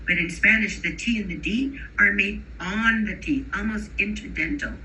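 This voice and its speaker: A woman giving a recorded lecture to teachers. She explains clearly, models sounds aloud, and checks in with rhetorical questions. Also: mid-range voice, moderate pace, hardly any pauses, pushed and bright, slight background noise, poor audio. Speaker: instructor for teachers of bilingual children.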